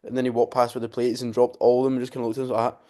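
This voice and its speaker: A man's voice: medium pitch, completely flat delivery, racing, dark tone. A young man, co-hosting a casual podcast and telling stories with swearing and laughter. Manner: chatty storyteller, swears, laughs often. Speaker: podcast co-host, coach.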